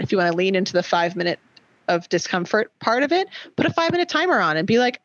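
A woman's voice: mid-range voice, lively intonation, quick pace, dull audio. A woman co-hosting a podcast, explaining habits in a casual coaching way and often checking in with "right?". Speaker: podcast co-host, nutrition coach.

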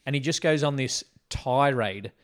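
A man co-hosting a laid-back film podcast, asking questions and playfully acting out lines from scenes. His voice sits at an ordinary middle pitch for a man. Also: moderate pace. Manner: talkative, questioning, acts out quotes playfully. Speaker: podcast co-host. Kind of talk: casual film discussion chat.

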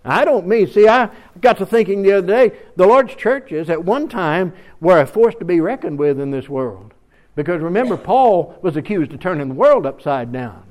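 A man preaching a sermon in a folksy way, building up to loud calls to his congregation. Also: high voice, lively intonation, moderate pace. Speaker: pastor.

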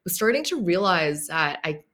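A woman's voice: on the low side, big pitch swings, moderate pace, a bit bright. A woman from Hong Kong with a slightly American accent, answering interview questions reflectively and often rephrasing mid-thought. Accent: American-tinged English. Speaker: guest author.

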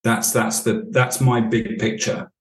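A man speaks as a podcast guest, a leadership coach with a middle-pitched voice. He tells stories in a measured way, acting out the dialogue. The recording has a noticeable room echo. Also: flat delivery. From United Kingdom. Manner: storytelling, acts out dialogue. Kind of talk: podcast interview answers. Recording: echoey room.

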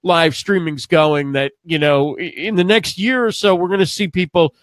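A man's voice: on the high side, moderate pace, no echo, studio quality. A man co-hosting a live-stream show, speaking earnestly and a bit rambly over a video call, often repeating words. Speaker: co-host. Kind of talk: casual live-stream chat.

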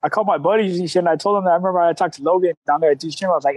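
A man in his thirties with a high voice, talking in a candid, streetwise way full of slang and cussing. The sound is dry and close, with no room around it. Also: racing, a little mellow, dry recording, rough recording. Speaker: CrossFit coach, guest. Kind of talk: casual interview talk.

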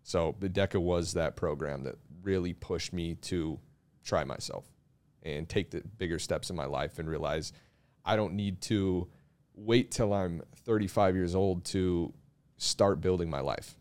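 Young guy, deep voice, relaxed and chill, talking casual on a podcast. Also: unhurried, clean tone. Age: young adult. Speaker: young real estate agent.

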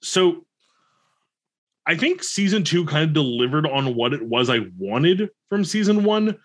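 A man with a slightly high voice co-hosts a casual podcast. He talks in an opinionated, animated way and laughs often. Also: a little slow. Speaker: podcast co-host. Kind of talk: casual chat.

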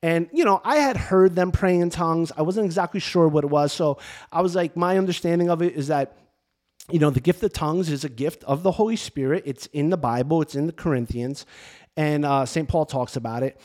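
A middle-aged man, a priest, telling a personal faith story in casual, animated talk with many restarts and fillers. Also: fairly high pitch, fairly quick. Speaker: priest and podcast host. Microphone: camera and mic for video podcast.

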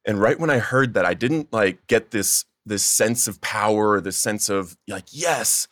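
A man's voice: fairly low pitch, measured pace, dry recording, studio quality. A young man telling his recovery testimony in an earnest, emotional way. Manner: earnest, emotional storytelling, rising to near-shouting in retold pleas. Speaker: testimony speaker.

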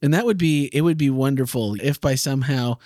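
A man's voice: medium pitch, brisk, warm tone, no echo, studio quality. A man hosting a podcast, reacting playfully, laughing and chiming in during a story. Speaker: podcast host. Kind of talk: casual chat.

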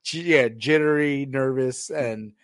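A man's voice: mid-range voice, unhurried, no echo. Man animatedly recapping TV, dry sound. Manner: animated retelling, acts out scenes. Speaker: podcast co-host. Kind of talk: casual TV recap chat.

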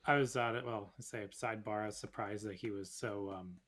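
A man co-hosting a casual history podcast who adds relaxed, joking banter. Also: on the low side, a little fast. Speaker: podcast co-host.

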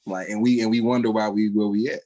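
A man's voice: lowish voice, flat delivery, quick pace, warm tone, low-quality recording. A man in casual podcast conversation, talking emphatically in slang and laughing often.

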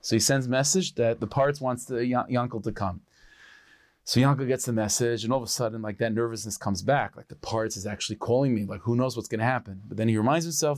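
Man telling a story, animated, throws in yiddish words, dry close mic. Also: medium pitch, fast, dry recording. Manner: animated, sprinkled with Yiddish and Hebrew terms. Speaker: rabbi storyteller.

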